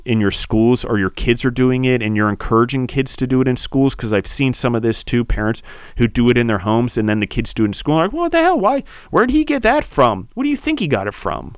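A man hosting a podcast, delivering a heated, preachy solo monologue that swears and builds to shouting. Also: mid-range voice, clear, resonant tone, no room sound, studio quality. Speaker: podcast host.

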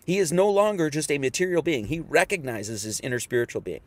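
Rambling preacher man, slightly high voice. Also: expressive, fast. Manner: rambling, repeats himself, reads scripture aloud. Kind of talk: online sermon lesson.

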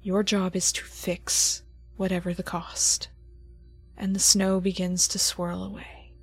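A woman game master narrating a horror tabletop game slowly and dramatically, often dropping to near whispers for suspense. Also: lowish voice, little pitch movement, breathy edge, no echo, soft background music.

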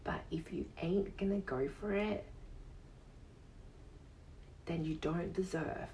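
Man, high soft soothing voice, slow, gravelly edges, earnest motivational podcast talk, distant mic with faint hiss. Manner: earnest, motivational, repeats phrases for emphasis. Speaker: podcast host and yoga teacher. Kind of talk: unscripted motivational monologue. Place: casual home podcast setup.

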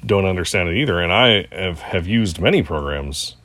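A man's voice: low-pitched, expressive, normal speed, a bit bright, no echo. A man co-hosting a podcast, chatting casually and reading out listener emails, with frequent hesitations and restarts. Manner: hesitant, many fillers and restarts. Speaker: podcast co-host.

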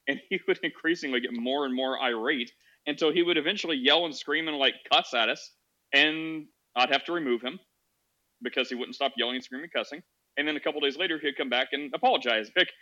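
A man hosting a call-in podcast, telling stories in a calm, chatty way with lots of fillers. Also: mid-range voice, fast talker, lo-fi sound. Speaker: podcast host. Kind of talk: casual call-in chat.

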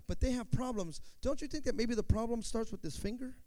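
Male pastor, very high voice, dynamic sermon with quoted voices and call-and-response. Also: fairly quick. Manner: dynamic preaching, swinging from quiet to shouting.

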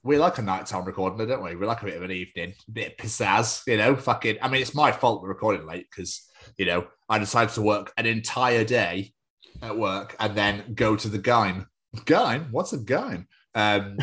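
A man's voice: lowish voice, a bit bright. A Scottish man co-hosting a podcast, rambling and giggling through sweary banter. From Scotland. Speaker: podcast co-host. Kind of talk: casual chat.

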